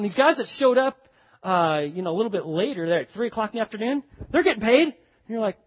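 Animated preacher in an echoey hall. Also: male voice, very high-pitched, fast, breathy edge, lo-fi sound. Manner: animated storytelling, acting out voices. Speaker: pastor. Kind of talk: sermon.

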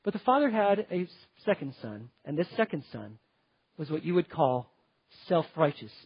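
Husky high-voiced man preaching emphatically. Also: very animated, normal speed, no echo, dull audio. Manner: emphatic, earnest, piles up lists of words. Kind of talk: sermon.

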